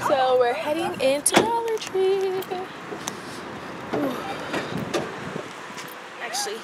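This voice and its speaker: A woman's voice: very high-pitched, expressive, takes it slowly, loud music behind the voice. A pregnant young woman rambling in a casual vlog, cranky and stressed. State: pregnant and tired. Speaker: vlogger.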